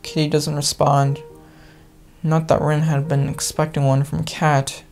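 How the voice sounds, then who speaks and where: A gaming channel host reading a visual novel aloud in plain, measured narration. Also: mid-range voice, little pitch movement, creaky, a little mellow, faint music behind.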